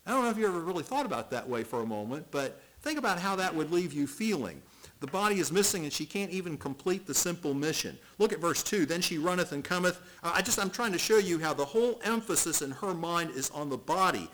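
A middle-aged man preaching with a fairly high voice. He reads scripture aloud and stumbles over repeated words. He pushes some phrases loud and drops others to a near hush. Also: lively intonation, fast, rough recording. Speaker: pastor. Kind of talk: expository sermon.

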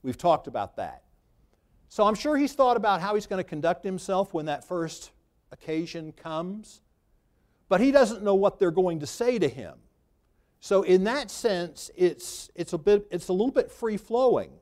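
Conversational preacher, fairly high voice. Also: male voice, sing-song, moderate pace, darkish tone. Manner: conversational, free-flowing, rises for emphasis. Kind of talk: sermon.

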